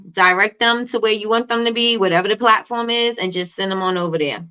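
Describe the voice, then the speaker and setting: Woman host, live stream business coach, bright tone, casual and animated, lo-fi audio. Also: medium pitch, fairly quick, hardly any pauses, smooth. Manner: animated, repeats herself, reads and answers chat.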